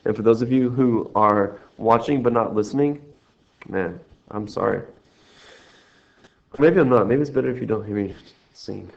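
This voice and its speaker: A man's voice: on the low side, normal speed, gravelly, pauses often. A man teaching a recorded math lesson, walking through problems in a jokey, self-mocking, rambling way. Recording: dull lo-fi screen recording.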